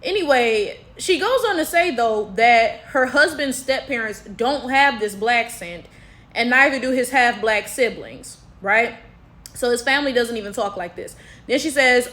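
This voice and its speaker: Animated high-voiced Detroit woman. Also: a little slow. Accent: Detroit African American English. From Detroit, USA. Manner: emphatic, animated, rhetorical asides. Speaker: commentary vlogger. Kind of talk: casual reaction commentary.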